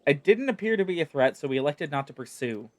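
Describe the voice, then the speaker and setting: A man's voice: fairly high pitch, very animated, fast. A man voicing a blunt, weary male camp commander in a game, with dry, grumbling delivery. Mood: musing.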